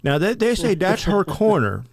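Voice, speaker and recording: A man co-hosting a podcast, telling stories in a loose, animated, profane way and acting out quotes. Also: high-pitched, moderate pace, creaky, dry recording, clean studio sound. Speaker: podcast co-host. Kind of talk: casual storytelling chat.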